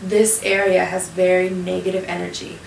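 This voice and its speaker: A man's voice: high-pitched, completely flat delivery, moderate pace, creaky, recorded from a distance, a little hiss or hum. A woman voicing an overly dramatic, paranoid man who guides hikers with grand pronouncements, retold in a story in an echoey room. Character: theatrical paranoid man guiding hikers, self-important.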